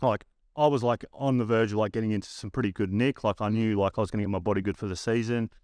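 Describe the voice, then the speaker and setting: On a podcast, a former pro basketball player, an Australian man in his thirties, casually works through a long story at a quick pace. His voice is lowish and darkish with fairly even intonation, his manner laid-back, full of profanity and "like" fillers. The recording is studio quality with no echo.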